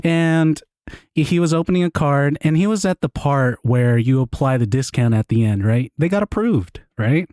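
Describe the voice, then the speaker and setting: A man hosting a podcast, telling stories in casual chat, animated, often laughing and swearing. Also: fairly high pitch, normal speed, no room sound, clean studio sound. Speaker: podcast host.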